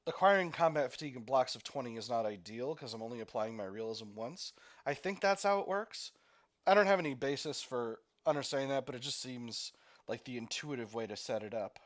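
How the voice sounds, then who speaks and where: A man giving casual gameplay commentary, thinking aloud, laughing easily and stumbling over his words. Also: medium pitch. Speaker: let's play host.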